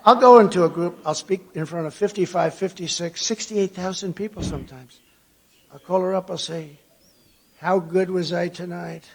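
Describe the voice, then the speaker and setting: An older man giving a rambling rally speech to a conference crowd, with mocking asides, swinging between loud and low. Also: moderate pace. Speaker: political speaker at a conference. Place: large conference hall before an audience.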